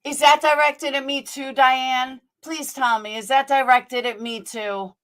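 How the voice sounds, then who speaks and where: A woman's voice: high-pitched, steady tone, a little slow, fairly bright tone. A woman hosting her channel, reacting to clips in a furious, profane, sarcastic rant.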